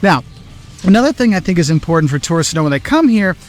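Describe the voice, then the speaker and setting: High-voiced man giving blunt travel advice. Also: very animated, quick pace. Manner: direct, lecturing, acts out quoted phrases. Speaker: travel video presenter. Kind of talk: advice-giving presenter talk.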